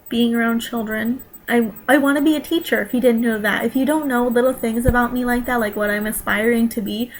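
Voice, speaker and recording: Young woman, vlog rant, defensive and tearful, pitch a touch high, faint hiss behind. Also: poor audio. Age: young adult. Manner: upset, defensive, talking straight to viewers. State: near tears at times. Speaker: vlogger.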